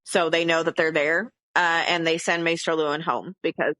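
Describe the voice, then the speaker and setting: Low-voiced woman co-host, dry sound. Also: little pitch movement, normal speed, sharp tone, dry recording. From Southern US. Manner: hesitant, many fillers. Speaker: podcast co-host. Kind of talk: casual recap chat.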